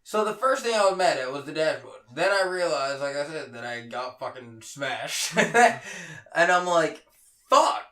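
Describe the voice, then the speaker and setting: A man's voice: a little high, lively intonation, a little slow, fairly bright tone, far from the mic. A young man co-hosting a podcast, telling a story in casual chat, swearing a lot and laughing often. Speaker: podcast co-host. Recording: roomy, off-mic echo.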